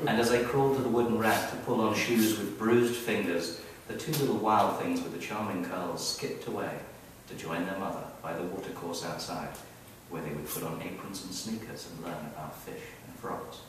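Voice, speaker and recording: A man reading his own story aloud at a live event, wry and expressive, building up the action. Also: low-pitched, moderate pace, a little hiss or hum. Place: event hall, heard from the audience area. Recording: very echoey hall, mic far off.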